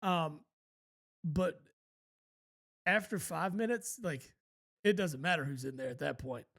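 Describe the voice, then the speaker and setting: Podcast co-host, man, slightly higher voice, loose rambling storyteller who swears casually. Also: unhurried, vocal fry, fairly bright tone. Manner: rambling, laid-back, swears freely.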